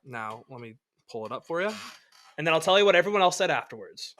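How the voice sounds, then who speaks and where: A man's voice: fairly high pitch, animated, fast, a bit bright, a little hiss or hum. A man hosting a podcast, joking and swearing casually as he runs the interview. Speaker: podcast host.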